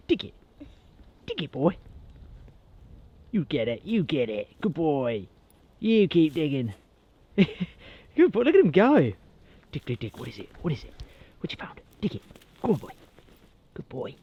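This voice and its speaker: A man's voice: on the high side, a little hiss or hum. Chatty man on an outdoor walk. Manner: chatty, laughs often, excitable with the dog. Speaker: outdoor vlogger. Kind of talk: casual vlog chat while walking. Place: outdoors in a park and golf course.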